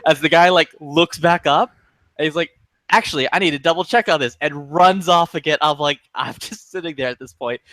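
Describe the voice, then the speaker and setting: This lobby chat regular has a fairly high, brisk voice recorded without room sound. He's animatedly spinning a long, foul-mouthed anecdote, voicing each character as he goes.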